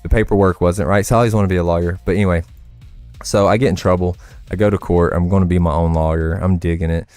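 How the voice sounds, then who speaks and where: Deep-voiced man rambling on a livestream. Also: fairly even intonation, quick pace, a little mellow, no room sound, faint music behind. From United States. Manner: rambling, profane, says "bro" a lot. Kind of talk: casual chat while gaming.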